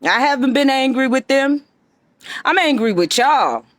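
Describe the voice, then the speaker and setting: A woman's voice: high-pitched, expressive, measured pace, dry recording. A woman giving an emphatic, confrontational monologue straight to her viewers. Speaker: vlogger addressing viewers. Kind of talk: direct-to-camera monologue.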